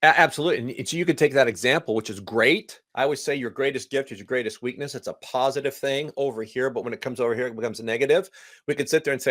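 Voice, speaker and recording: A lively man talks as a guest counselor, acting out the people he describes and firing off repeated words in quick bursts. His voice sits in a middle pitch and is recorded dry and close, with no room sound. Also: dry recording. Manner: animated, acts out other people's voices. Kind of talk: casual conversation.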